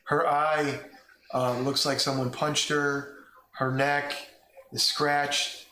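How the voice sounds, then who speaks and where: A man narrating a tabletop game as game master, describing scenes haltingly with frequent restarts. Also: fairly high pitch, flat delivery, bright, forceful tone, slight background noise. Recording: echoey room with music behind.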